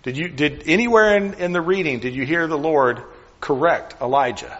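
A man preaching a sermon in an earnest, questioning way, often dropping his voice softly on key lines. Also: on the high side, normal speed, big-room sound, lo-fi sound.

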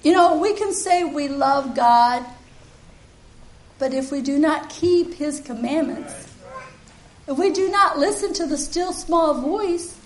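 A woman's voice: sits high, animated, slow pace. A woman preaching a sermon in a church, earnest and emphatic, with the congregation calling back responses. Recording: echoey room.

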